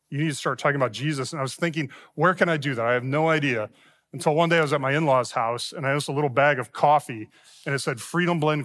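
A man's voice: mid-range voice, a bit bright. A middle-aged man preaching a sermon in a church, telling a personal story in a conversational way and acting out the voices he quotes. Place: church sanctuary.

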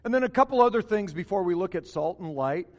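A man's voice: high voice, animated, fast, big-room sound. A man preaching a morning sermon as pastor, stressing key phrases by repeating them.

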